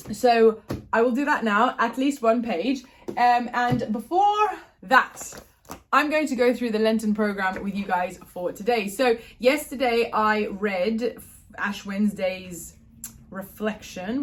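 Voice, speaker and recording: A woman's voice: on the high side, slight background noise. Chatty woman vlogger reading devotions. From Ireland. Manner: chatty, self-correcting, reads aloud gently. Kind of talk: casual vlog with devotional reading. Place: at home. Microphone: phone front camera.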